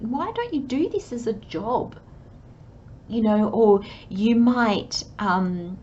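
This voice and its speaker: A woman talks through a tarot reading in a gentle, chatty way, slipping into short imagined dialogues. Her voice sits in an ordinary middle range. The recording is slightly dull, with a faint hiss behind her. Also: medium pitch. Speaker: tarot reader. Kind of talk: channelled tarot reading monologue.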